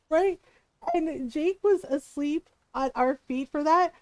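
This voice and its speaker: Woman streamer, middle-aged, high voice, dry close sound, chatty storyteller who laughs a lot. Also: takes it slowly, darkish tone, no echo. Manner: chatty storyteller, laughs often, acts out quotes. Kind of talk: casual chat while gaming.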